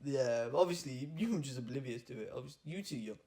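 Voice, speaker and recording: A man in his twenties co-hosting a casual podcast with his sister, telling stories in an animated way, swearing and laughing often. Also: medium pitch, fast talker, crowd noise. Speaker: podcast co-host. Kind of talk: casual sibling chat.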